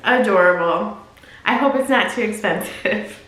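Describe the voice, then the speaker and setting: A woman's voice: medium pitch, unhurried, fairly bright tone. A woman casually chatting through an unboxing and try-on of clothes, gushing and talking to the items as she goes. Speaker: clothing subscription box reviewer. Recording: echoey room, mic at a distance.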